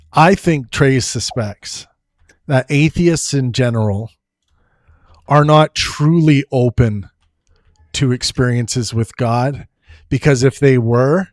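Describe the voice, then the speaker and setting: A man from Canada hosts a live online debate chat in a playful, joking manner. His voice sits at a middling pitch. The sound is dry and close. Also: darkish tone, dry recording. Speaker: host.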